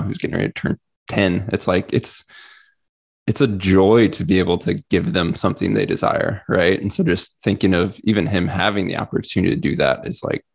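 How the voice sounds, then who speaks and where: A man's voice: sits low, fairly even intonation, brisk, gravelly. A man in his thirties hosting a podcast, speaking in an earnest, reflective way. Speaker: podcast host. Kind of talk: casual chat.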